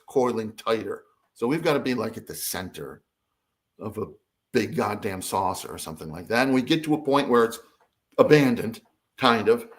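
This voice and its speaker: A middle-aged man, an interview guest, telling a story in an animated way and acting out the dialogue. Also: medium pitch. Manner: lively, laughing, acts out quoted dialogue.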